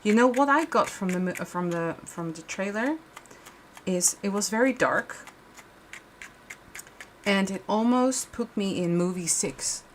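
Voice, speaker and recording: A woman's voice: medium pitch, expressive, measured pace, a little hiss or hum. A young adult woman chatting casually as she crafts on a livestream, rambling with frequent restarts and fillers. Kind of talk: casual chat while crafting.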